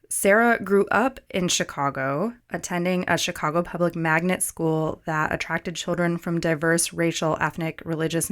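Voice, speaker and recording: A woman opens her podcast with a prepared introduction of her guests. Her voice sits on the low side, and she reads in an earnest, steady way. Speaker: podcast host.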